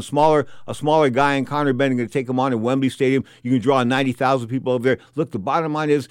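A man's voice: medium pitch, fairly even intonation, quick pace, hardly any pauses, clear, resonant tone, no room sound. A middle-aged man hosting a boxing talk show from a studio, blunt and sarcastic as he rants in opinionated sports talk.

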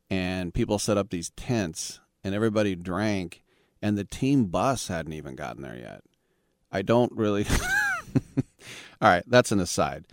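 Low, smooth-voiced sports radio host. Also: male voice, no room sound, studio quality. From San Francisco Bay Area. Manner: wry, rambling, sarcastic asides. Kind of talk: sports talk radio monologue.

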